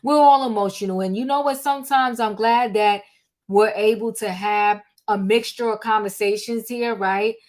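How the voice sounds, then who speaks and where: A woman's voice: mid-range voice, fairly even intonation, moderate pace. An older woman hosting a live online chat room, talking casually and earnestly with plenty of fillers. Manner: chatty, earnest, lots of fillers. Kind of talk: casual live talk show. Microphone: online audio room.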